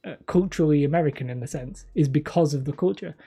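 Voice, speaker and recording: A man's voice: fairly high pitch, fast, vocal fry, dark tone, husky. A man in his thirties, hosting a hobby channel and chatting casually with live viewers in a rambling, self-mocking way. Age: 30s. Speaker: hobby terrain channel host.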